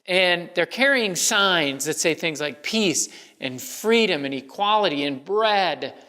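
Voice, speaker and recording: Pastor preaching in a reverberant church. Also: male voice, high voice, lively intonation, a little slow, bright, forceful tone. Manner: conversational, with many restarts and fillers. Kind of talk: sermon. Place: church sanctuary.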